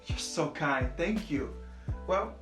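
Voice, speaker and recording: Slow, lively-pitched male host for a kids' art show, echoey room, music underneath. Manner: friendly, expressive, storytelling.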